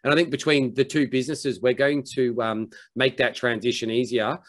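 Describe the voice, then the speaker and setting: A man's voice: mid-range voice, fairly even intonation, brisk. A man hosting a casual interview, chatty and full of restarts, calling his guest mate. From Australia. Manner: chatty, says mate a lot, many restarts. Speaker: host.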